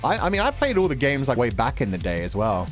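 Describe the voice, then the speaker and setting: Lively, animated male streamer. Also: mid-range voice, fast talker, faint music behind. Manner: animated, playful with words, swears casually. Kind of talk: casual chat and reading donations.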